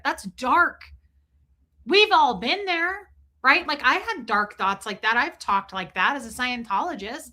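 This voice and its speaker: A woman's voice: high voice, lively intonation, measured pace, pushed and bright. A middle-aged woman from the Midwest chatting casually on a livestream, reading viewer comments aloud. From Nebraska, raised in Kansas City area. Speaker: livestream host reading chat. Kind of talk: casual live-stream chat.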